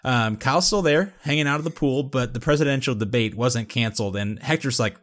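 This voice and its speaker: A man with a middle-pitched voice hosts a casual podcast, recapping an episode in a loose, chatty way. He leans on "um" and "like" as he strings the story together and keeps the others in line. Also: brisk, a bit bright. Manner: chatty, filler-heavy storytelling.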